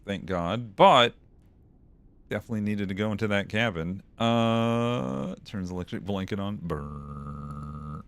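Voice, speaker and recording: A man's voice: lowish voice, fairly bright tone, smooth. A male streamer giving casual gameplay commentary, laid-back and chatty, with swearing and laughs.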